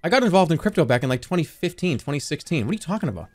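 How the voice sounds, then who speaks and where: A man in his thirties streaming a game live, talking in an animated, rambling and profane way. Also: a little high, racing. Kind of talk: live gameplay commentary.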